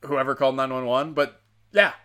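A man's voice: mid-range voice, fairly even intonation, fairly quick, pushed and bright. A man hosting a podcast, telling a show's story in a rambling, profane, joking way. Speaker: podcast host. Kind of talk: casual rambling show recap.

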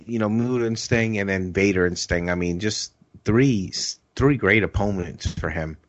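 Deep-voiced man rambling on a podcast. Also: moderate pace, no room sound, muffled recording. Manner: rambling, full of restarts and "you know". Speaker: podcast co-host. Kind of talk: casual podcast chat.

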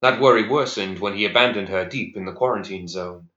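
A man reading a dark story aloud in a measured, even storytelling voice. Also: on the low side. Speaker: narrator. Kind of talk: scripted audiobook narration. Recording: echoey, slightly dull recording.

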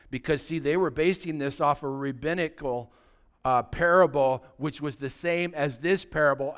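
A man, a pastor preaching a sermon and telling stories, swinging from loud passages to hushed ones. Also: on the high side. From United States.

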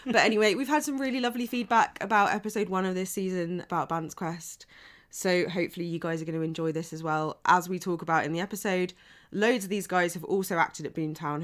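A woman co-hosting a podcast in casual chat, chatty and quick to laugh. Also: low-pitched. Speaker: podcast co-host.

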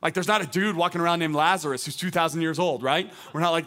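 Bright-voiced man preaching a sermon. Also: fairly high pitch, quick pace. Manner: conversational, emphatic, rises to loud proclamations. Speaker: teaching pastor.

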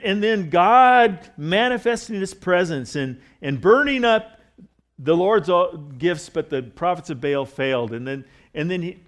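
A middle-aged man preaching a sermon in a church in a loose, conversational way, telling jokes and stories with frequent restarts. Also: high voice. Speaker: pastor.

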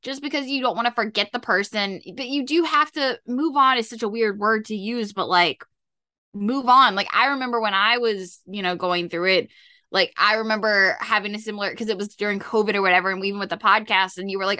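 A woman's voice: mid-range voice, fairly quick, bright, forceful tone, no echo, studio quality. A young woman co-hosting a podcast, recapping a TV episode in a chatty, casual way, acting out quotes. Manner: chatty, acts out quotes, lots of "like". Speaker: podcast co-host.

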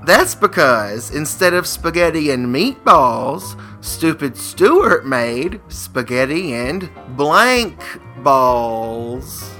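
A man co-hosting a comedy show's game segment, playful and quick to laugh as he reads jokes aloud. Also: a little high, big pitch swings, pushed and bright, soft background music. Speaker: co-host.

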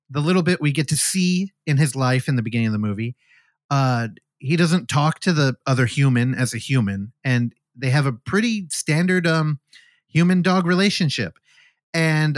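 A man's voice: a little high, dry recording, clean studio sound. A man co-hosting a casual podcast, rambling and joking as he retells a film and acts out the characters' lines. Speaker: podcast co-host.

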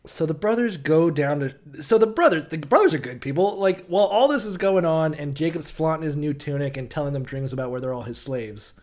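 A man co-hosting a casual podcast, retelling stories in a profane, animated way. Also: on the high side, fairly quick, hardly any pauses. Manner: profane, animated storytelling with laughs. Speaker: podcast co-host. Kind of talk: casual chat.

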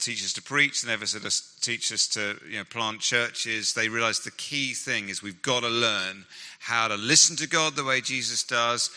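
A man, a guest author and Christian leader, speaking to a live audience as an enthusiastic storyteller with quick asides. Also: medium pitch, bright, forceful tone, smooth. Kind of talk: animated talk to a live audience. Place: stage in a large hall. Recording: long hall reverb.

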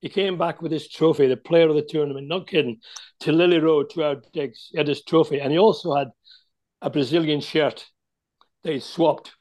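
Speaking briskly with a fairly high pitch, a darkish tone and fairly even intonation, an older man who once played football recalls his career on a video call. He's a chatty anecdotal storyteller in this interview, with many restarts.

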